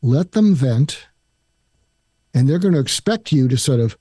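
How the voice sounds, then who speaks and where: An older man, a psychiatrist guest on a podcast interview, calmly explaining a conversation technique step by step and acting out example lines. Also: mid-range voice, unhurried, slightly rough, no room sound, studio quality.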